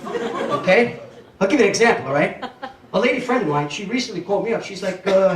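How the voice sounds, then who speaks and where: A man's voice: sits high, expressive, quick pace. A man, doing a stand-up comedy set with a brash, blunt wisecracking delivery. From Brooklyn, New York. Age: 50s. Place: comedy club stage. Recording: roomy club sound from a distant mic, crowd noise.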